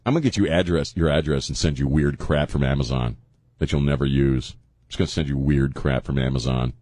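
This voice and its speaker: Husky low-voiced man teasing on radio. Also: fairly even intonation, fairly quick, darkish tone, dry recording, studio quality. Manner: teasing, sarcastic, laughs a lot. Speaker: radio show host. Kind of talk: casual on-air banter. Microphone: studio microphone.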